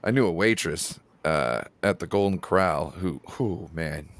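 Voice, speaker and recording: Lower-voiced man from Washington, rambling crude stories. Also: a little slow, no echo. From Pacific Northwest, Washington. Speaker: panel guest. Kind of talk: casual chat.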